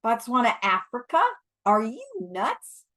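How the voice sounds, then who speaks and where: A woman reading aloud, voicing a teasing, sharp-tongued young woman. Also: on the high side, sing-song, unhurried, pitched above the performer's own voice. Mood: incredulous.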